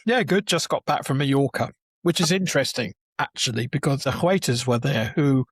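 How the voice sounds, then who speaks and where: A man's voice: medium pitch, a little fast, breathy edge. A man in his seventies, a Jewish educator, chatting as a guest and telling stories with restarts and chuckles. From England. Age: 70s. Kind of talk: conversational interview.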